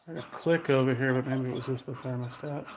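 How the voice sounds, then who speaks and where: A man on a ghost-hunting walkthrough of an old house, calling out in hushed tones to unseen spirits and recorded on a handheld phone. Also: medium pitch, fast, low-quality recording. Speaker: paranormal investigator. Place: indoors in an old house at night. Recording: steady background hiss and room noise.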